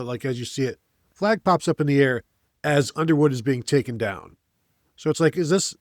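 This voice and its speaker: A man's voice: on the high side, dry recording, studio quality. A man co-hosting a sports podcast, picking apart a game with rambling, exasperated analysis. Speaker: podcast co-host. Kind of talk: casual sports chat.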